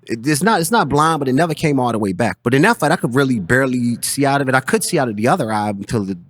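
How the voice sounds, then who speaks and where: A man's voice: medium pitch, expressive, very fast, fairly bright tone. A man, a fighter and coach, telling rambling, profane stories as a guest on a podcast in a studio. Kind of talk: casual storytelling.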